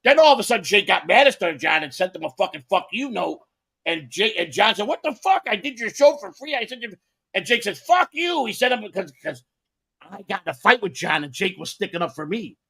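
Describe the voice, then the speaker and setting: Gravelly, rambling man telling stories. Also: high voice, lively intonation, quick pace, pushed and bright. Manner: rambling, repeats words, swears. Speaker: podcast co-host. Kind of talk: rambling casual storytelling.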